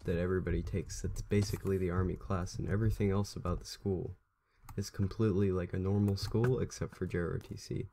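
A man's voice: sits low, little pitch movement, quick pace, vocal fry, noisy background. A young man chatting to viewers in a rambling way while he plays through a video game. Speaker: gameplay commentator. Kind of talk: casual let's play commentary.

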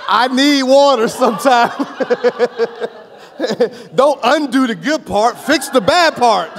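A male pastor preaching a sermon, joking with the congregation and rising to shouts. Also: very high-pitched, a little hiss or hum. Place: church sanctuary. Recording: long reverb of a church hall.

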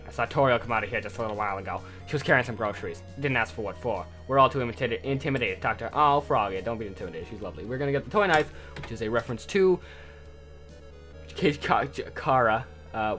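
A man chatting casually while playing a video game, rambling and correcting himself as he goes. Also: medium pitch. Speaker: let's play gamer. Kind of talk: casual gameplay commentary.

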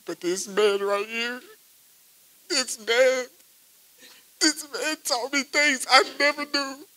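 A young man crying as he gives a halting, emotional eulogy for a friend at a memorial service. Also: extremely high pitch, steady tone, sharp tone, low-quality recording. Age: young adult. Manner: emotional, halting, repeats phrases.

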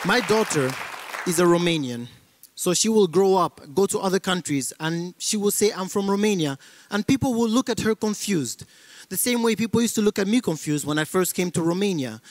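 A man's voice: high-pitched, animated, a little fast, no room sound, a faint crowd. A man from Africa who grew up in Belgium, doing stand-up comedy in a playful way and mixing in Romanian words.

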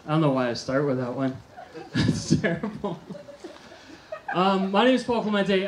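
A middle-aged American man performing a stand-up comedy set on a theater stage, telling deadpan absurd one-liners into a handheld mic. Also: fairly high pitch, measured pace. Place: movie theater stage before a live audience. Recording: echoey theater room with faint noise.

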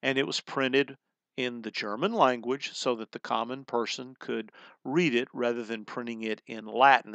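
Male instructor, middle-aged, mid-pitched, dry close recording, loose lecturing style with restarts. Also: creaky, a bit bright, smooth, no echo. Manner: conversational, explains terms, frequent restarts and "uh"s. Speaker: college humanities instructor.

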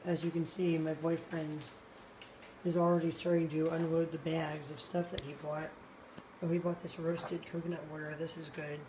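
A woman's voice: sits low, flat delivery, normal speed, noisy background. A woman hosts a casual food-tasting vlog late at night, sounding tired. She is blunt and candid and keeps talking with her mouth full. She speaks into a phone camera indoors at home. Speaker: food vlogger.

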